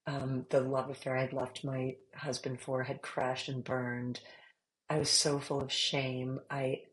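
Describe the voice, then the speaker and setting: A middle-aged woman, an author being interviewed, telling stories in a lively, laughing way that jumps high when she gets worked up. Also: measured pace, slight background noise, rough recording. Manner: animated, laughing storyteller, squeals when retelling. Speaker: author guest. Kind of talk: casual storytelling interview.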